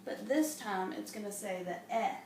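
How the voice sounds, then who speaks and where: A woman with a fairly high voice teaches young children to read, slowly and patiently, with plenty of encouragement. She is recorded from a few steps away in an echoey room with a faint hum behind her. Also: far from the mic. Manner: slow, patient, encouraging classroom tone. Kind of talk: early reading lesson for young children. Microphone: camera a few steps away.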